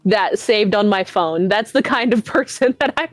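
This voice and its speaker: A woman's voice: medium pitch, moderate pace, no room sound, soft background music. A woman guest on a chat stream, telling stories in a rambling, self-mocking way with a lot of swearing. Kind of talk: casual chat.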